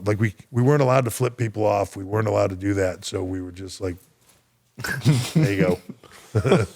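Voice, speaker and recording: A man's voice: low voice, gravelly. A man, casually telling anecdotes as a podcast guest, chuckling as he goes. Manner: relaxed anecdotal storytelling with chuckles. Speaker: guest, former wrestler. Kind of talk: casual storytelling.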